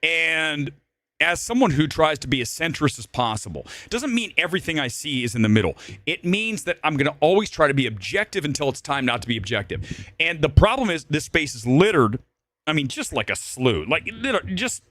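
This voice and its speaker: A man's voice: on the high side, sing-song, fairly quick, fairly bright tone. A man hosting a live movie talk stream, delivering a blunt, emphatic rant that circles back to repeat his points. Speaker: host. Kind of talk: livestream commentary rant.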